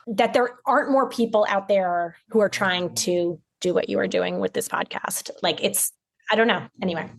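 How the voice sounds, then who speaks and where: A woman's voice: medium pitch, normal speed, vocal fry, no room sound. A young adult woman, an author guest on a podcast, speaking in an earnest, thoughtful way with many fillers. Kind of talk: casual interview chat.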